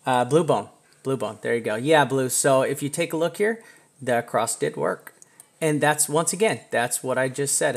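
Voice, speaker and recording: A man hosting a trading live stream, talking casually over charts, chatty and self-mocking, with bursts of excitement. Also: medium pitch.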